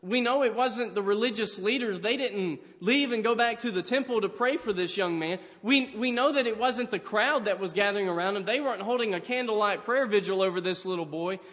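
A man's voice: high-pitched, a little fast, hardly any pauses, a bit bright. A man preaching a sermon, retelling a story dramatically and acting out the voices of its characters. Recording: hall reverb.

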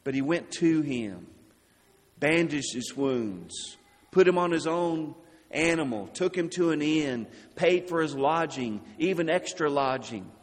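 A man preaching a sermon, slow and deliberate, dropping his voice low and soft on key words. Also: lively intonation, in a large hall.

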